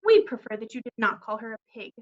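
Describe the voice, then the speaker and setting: A woman reading aloud, voicing a cheerful, gushing mother who sounds excited and sweet. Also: a little high, fast talker. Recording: dull lo-fi recording.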